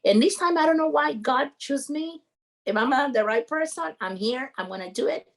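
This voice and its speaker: In a high-pitched voice at normal speed, a woman who founded a roofing business tells an emotional story as a podcast guest. She speaks English earnestly and animatedly, using non-native grammar.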